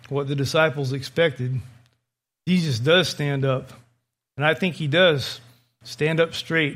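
Male pastor, pretty high voice, telling a bible story with lots of life. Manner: vivid, animated storytelling. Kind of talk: sermon.

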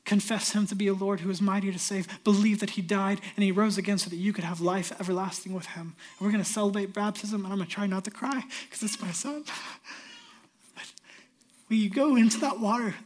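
A middle-aged male pastor preaching a sermon, swinging from loud emphatic peaks down to hushed near-whispers. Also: sits high.

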